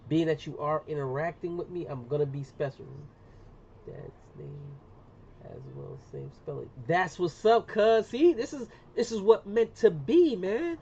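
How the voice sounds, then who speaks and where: A man's voice: animated, measured pace, gravelly, mellow. Chatty slangy man livestreaming, muffled sound. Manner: chatty, slangy, says "boom" often. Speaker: livestreamer doing laser engraving. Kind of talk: casual live-stream demonstration. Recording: muffled lo-fi sound with faint room noise.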